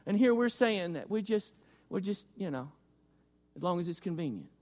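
A man's voice: sits high, expressive, normal speed, darkish tone. A man pastor preaching a folksy sermon, repeating phrases for emphasis and speaking straight to his congregation.

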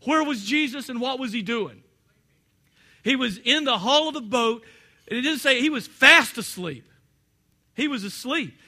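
A man preaching a sermon in a folksy, animated storytelling manner, now and then breaking into shouts. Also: extremely high pitch, moderate pace. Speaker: pastor.

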